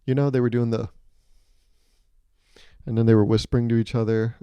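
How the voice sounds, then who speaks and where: A man hosting a solo comedy podcast, telling animated, self-mocking stories and laughing mid-sentence. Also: mid-range voice, moderate pace, clean tone, no echo. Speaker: podcast host.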